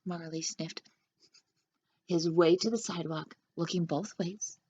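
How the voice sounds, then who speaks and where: A woman, a children's librarian, reading a picture book aloud with animated, expressive storytelling. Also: fairly low pitch, unhurried, breathy edge, no echo. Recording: dull lo-fi sound.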